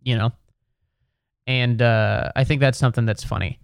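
A man's voice: medium pitch, steady tone, moderate pace, gravelly, smooth, no echo. Exasperated man riffing stand-up, profane, dry mic. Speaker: comedian. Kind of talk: stand-up comedy monologue.

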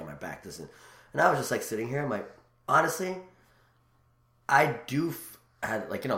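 Fast-talking deep-voiced man, rambling chat. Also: roomy sound. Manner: rambling, animated storyteller with many restarts. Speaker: guest. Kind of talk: casual chat.

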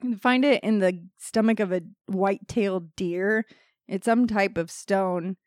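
A woman's voice: medium pitch, unhurried, darkish tone, dry recording. Woman, podcast host, storytelling from notes, laughing asides, dry close sound. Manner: reads notes then breaks into laughing banter.

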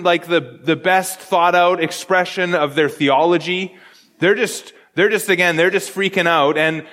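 A man's voice: sits high, fairly bright tone, big-room sound. A man preaching a sermon as pastor, talking in an earnest, conversational way with frequent restarts.

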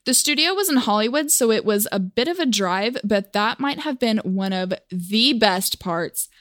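A woman's voice: on the high side, lively intonation, moderate pace, fairly bright tone, dry recording, clean studio sound. A young woman from Oklahoma telling a personal story for a vlog in a wry, self-mocking, chatty way.

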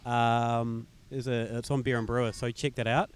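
Relaxed man hosting a beer podcast. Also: medium pitch, moderate pace, smooth. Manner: relaxed, chatty, jokey. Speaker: podcast host. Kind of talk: casual chat. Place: outdoors in a park.

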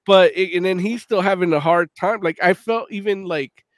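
A man in his late thirties with a fairly high voice, talking casually on a podcast. He swears a lot, laughs between thoughts and gets heated in animated bursts. The sound is dry and close. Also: moderate pace, dry recording. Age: late 30s. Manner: profane, animated, laughs often. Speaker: podcast co-host. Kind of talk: casual chat.

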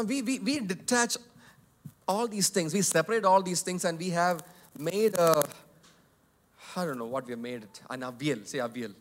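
In a church hall, a pastor with a voice that sits high preaches an emphatic, repetitive sermon. He swings between loud declarations and quiet asides.

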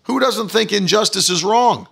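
Fiery high-voiced male preacher, gravelly edge. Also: moderate pace, a bit bright. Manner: fiery, hammering rhetorical questions. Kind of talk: sermon.

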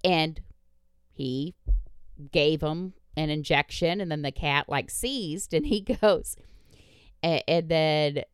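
A woman's voice: low-pitched, slow pace, pauses often, clean tone, no echo, clean studio sound. A woman hosting a podcast, telling a story in a blunt casual chat, swearing freely and laughing along. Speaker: podcast host.

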